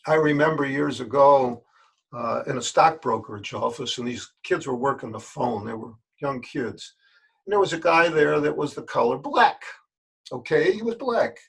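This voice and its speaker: A man's voice: medium pitch, expressive, moderate pace, vocal fry, husky. An older man, a yoga teacher, talking straight to his listeners in a folksy, earnest way and repeating words for emphasis. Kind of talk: spoken address to camera.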